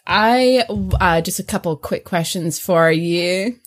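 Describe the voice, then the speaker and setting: A woman's voice: lowish voice, slow. A woman playing a blunt, odd young woman who asks pointed questions in a dry, matter-of-fact way. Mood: polite.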